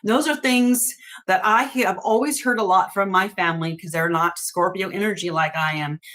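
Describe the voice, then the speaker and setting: A woman's voice: mid-range voice, normal speed, a bit bright. A middle-aged woman hosting an astrology channel, talking casually and emphatically to her viewers, laughing often and giving blunt commands.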